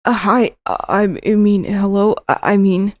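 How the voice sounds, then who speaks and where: A woman playing a nervous young suitor in a visual novel, stammering and halting, a little lower than her own voice, dry close sound, earnest and flustered. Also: fairly even intonation, no room sound, close to an everyday voice. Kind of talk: reading a visual novel aloud.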